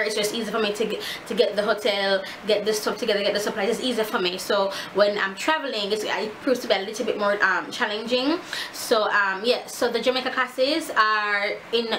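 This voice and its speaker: A woman's voice: fairly high pitch, bright, forceful tone, a little hiss or hum, low-quality recording. A woman makeup artist chatting casually through a tutorial intro, rambling a little with fillers.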